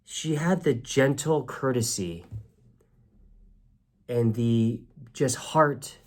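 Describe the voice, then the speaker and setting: A man's voice: mid-range voice, extremely slow. A man telling a personal story in an earnest, reflective way, acting out the lines of the people in it. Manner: earnest, reflective, acts out quoted dialogue. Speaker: actor telling his story.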